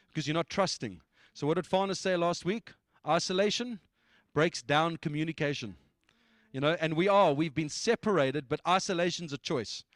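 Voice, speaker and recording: A man's voice: on the high side, no echo, clean studio sound. Emphatic man leading a church meeting. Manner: emphatic, repetitive, conversational preaching. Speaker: church leader. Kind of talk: casual church announcements and exhortation.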